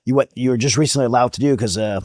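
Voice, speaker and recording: A man hosting a podcast interview, halting and restarting as he frames his questions. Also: mid-range voice, darkish tone, no room sound, studio quality. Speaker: podcast host. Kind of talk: interview conversation.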